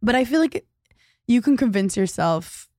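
A woman with a high voice tells animated stories as a podcast guest, acting out the people in them. The sound is dry and close, with no room around her. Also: normal speed, dry recording. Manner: animated storytelling, acting out quotes. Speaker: comedian guest. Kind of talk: casual podcast chat.

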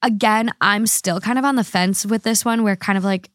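A woman's voice: medium pitch, moderate pace, dry recording, studio quality. Tipsy woman hosting a casual chat. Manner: rambling, many fillers and word slips. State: a little drunk. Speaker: podcast host. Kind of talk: casual chat reading online comments.

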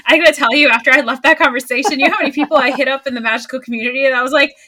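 A woman's voice: high-pitched, rapid-fire, pushed and bright. A woman hosting a podcast, chatty and enthusiastic. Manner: enthusiastic, chatty, laughs often. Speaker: podcast host. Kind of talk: casual podcast conversation.

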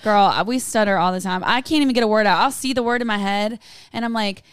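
A woman co-hosting a podcast, chatting casually in a living room, teasing and jumping in with quick remarks. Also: mid-range voice, clean tone, dry recording, clean studio sound. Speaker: podcast co-host. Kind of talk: casual chat.

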